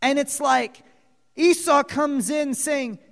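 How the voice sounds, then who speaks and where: Male preacher, animated storytelling, unhurried delivery, long hall reverb. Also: very high-pitched, vocal fry. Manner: animated storyteller, asks the audience questions. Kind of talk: sermon retelling a Bible story.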